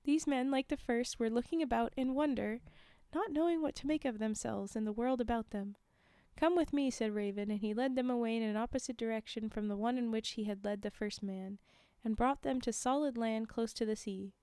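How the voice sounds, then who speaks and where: A young adult woman reading folktales aloud on a livestream, chatty, pausing for casual asides and fillers. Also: a little high, warm tone, smooth, no echo, studio quality. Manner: chatty, frequent laughs and fillers while reading. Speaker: livestream storyteller.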